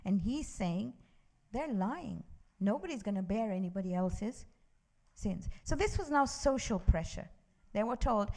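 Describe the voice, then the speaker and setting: Gravelly-voiced woman teaching a religious class. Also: mid-range voice, expressive, a little slow, a little mellow. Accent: British English. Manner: storytelling, mixes English with recited Arabic verses. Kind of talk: lecturing with Quran recitation. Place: mosque classroom.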